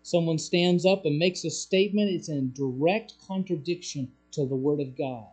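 A man preaching a sermon as pastor, growing loud and emphatic on key points. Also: moderate pace. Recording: low mains hum.

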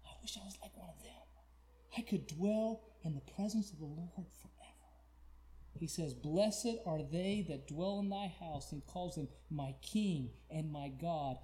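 A man preaches a sermon. He drops to near whispers and then builds to loud, shouted cries, stretching his pleading lines slowly. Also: on the high side.

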